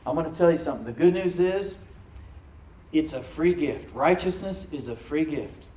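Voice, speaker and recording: A man preaching from the pulpit in a somewhat high voice that rises to loud, emphatic peaks and drops to quiet asides. He calls on the congregation to repeat after him. The sound carries a roomy echo. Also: lively intonation, normal speed, far from the mic. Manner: preaching with sudden loud surges and soft asides. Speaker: pastor. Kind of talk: sermon.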